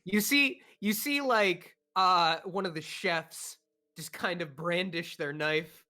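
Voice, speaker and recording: Bright-voiced man narrating as dungeon master. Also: high-pitched, slow pace. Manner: hesitant, many fillers and restarts. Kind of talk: narrating a tabletop game.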